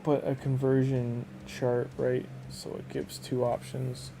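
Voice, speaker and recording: A man's voice: mid-range voice, monotone, slow pace, creaky, warm tone, slight background noise. Rambling Canadian man streaming. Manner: rambling, leans on "like", frequent restarts. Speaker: game streamer. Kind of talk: casual live-stream chat.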